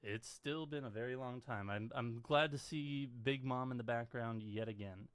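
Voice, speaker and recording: A man hosting a casual podcast over a voice call, relaxed and full of "yeah, no" fillers. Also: mid-range voice, moderate pace, clean tone, no room sound. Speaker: podcast host. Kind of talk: casual chat.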